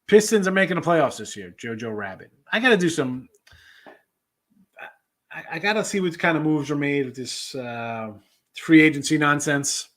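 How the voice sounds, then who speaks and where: A man with a fairly high, slightly bright voice hosts a sports betting show, chatting loosely on a livestream, reading comments from viewers and bouncing between topics.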